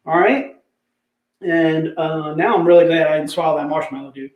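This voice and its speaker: A man hosting a casual livestream sales pitch, chatty, repeating prices and item numbers, calling viewers "dude". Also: normal speed, roomy sound, lo-fi sound.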